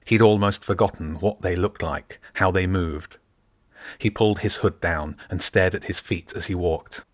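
Man, audiobook narration, low voice, dry close sound, measured. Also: no room sound.

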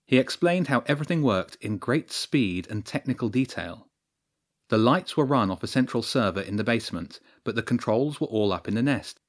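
A man narrating a story in a steady storytelling voice. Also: mid-range voice, moderate pace. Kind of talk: scripted narration.

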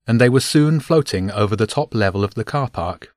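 A man narrating a children's adventure story aloud with an expressive reading. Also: low-pitched, moderate pace, no room sound, studio quality.

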